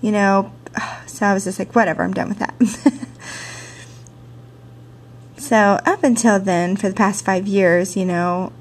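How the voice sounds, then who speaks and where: Woman storyteller, slightly husky, medium pitch, chatty and animated, home camcorder sound. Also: slow, pauses often. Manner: animated, chatty, laughs often, many "you know" fillers. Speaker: ASL and theater teacher. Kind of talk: personal storytelling. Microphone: handheld camcorder mic.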